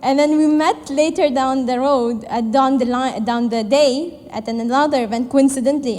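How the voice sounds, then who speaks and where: A woman's voice: high voice, moderate pace, hardly any pauses, a little mellow. A woman in her twenties, a startup founder, telling a candid personal story to an audience with many fillers and acted-out quotes. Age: 20s. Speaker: startup founder and event speaker. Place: event hall. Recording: long hall reverb.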